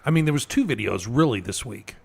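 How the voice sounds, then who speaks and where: A man co-hosting a casual political talk radio show, talking in a halting way with fillers and restarts. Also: medium pitch, animated, creaky, husky. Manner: halting, lots of fillers and restarts, laughs at own stories. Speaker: radio co-host.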